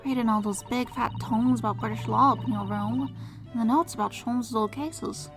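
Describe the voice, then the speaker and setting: A woman's voice: on the high side, normal speed, close to an everyday voice. A woman voicing a cheerful, eager young girl. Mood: teasing. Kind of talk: reading game dialogue aloud. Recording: game music behind.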